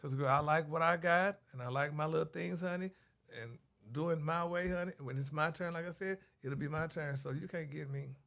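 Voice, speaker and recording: A sassy middle-aged man tells his story in a casual interview. His voice is bright and a little high for a man, and he sprinkles honey through every sentence. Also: a little fast, vocal fry. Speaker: radio personality guest.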